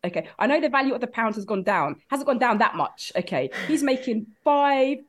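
A woman guest on a comedy podcast, ranting in an animated comic style. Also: fairly high pitch, a little fast.

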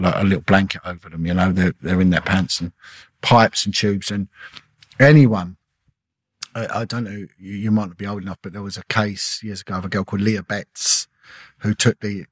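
A middle-aged man, a former detective, telling an emotional personal story in a halting way, repeating words and acting out what people said. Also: deep voice, breathy edge, no echo. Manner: halting, repeats words, acts out quoted dialogue. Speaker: podcast guest, former police detective.

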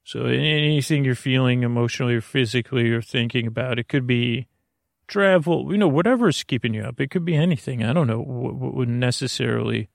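A man hosts a sleep podcast in a loose, wandering monologue, often breaking off mid-phrase to chase silly tangents. His voice has a gravelly edge at a middling pitch. The sound is dry and close, with no room echo. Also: fairly quick. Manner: meandering, self-interrupting, goofy digressions. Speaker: podcast host. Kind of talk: rambling bedtime podcast monologue.

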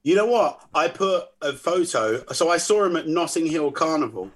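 Husky man telling stories. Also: on the high side, normal speed. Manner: animated storyteller acting out quoted voices. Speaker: podcast guest. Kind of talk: casual chat.

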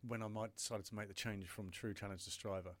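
A man's voice: fairly low pitch, steady tone, fast talker, fairly bright tone. A British man in his thirties, a startup founder telling a hard personal story in an interview, emotional, with frequent restarts and swearing. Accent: British English.

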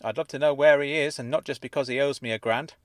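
A man's voice: medium pitch, steady tone, fast talker, no room sound, natural voice. A man voicing a blunt, joking landlord who talks in a teasing, chatty way.

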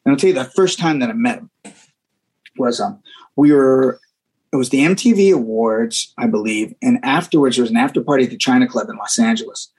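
A man, a guest musician, telling stories in a casual interview, animated and often repeating words as he acts out what people said. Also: mid-range voice, brisk, husky, low-quality recording.

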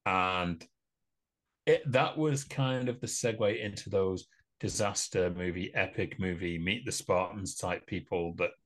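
Low-voiced man ranting about films. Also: measured pace. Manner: rambling, opinionated, laughs often. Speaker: podcast co-host. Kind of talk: casual podcast film chat.

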